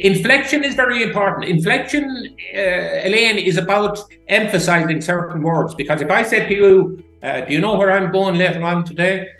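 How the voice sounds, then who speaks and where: A man's voice: high voice, pushed and bright, reverberant, low-quality recording. An Irish man, a public speaking coach, talking enthusiastically and emphatically in a podcast interview. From Ireland. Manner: enthusiastic, emphatic, demonstrative pauses.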